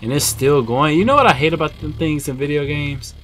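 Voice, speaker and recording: A man giving casual, chatty let's-play commentary, now and then cooing at an in-game dog in a high coddling voice. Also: brisk, fairly bright tone, slight background noise. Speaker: gaming video host. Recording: game music playing behind voice.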